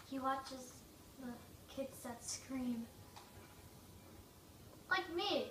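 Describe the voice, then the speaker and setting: A woman giving casual, rambling gameplay commentary, joking and mocking herself, her throat a little rough from coughing. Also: high voice, expressive, extremely slow, distant mic. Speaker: gaming video maker. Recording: echoey room, away from mic, faint noise.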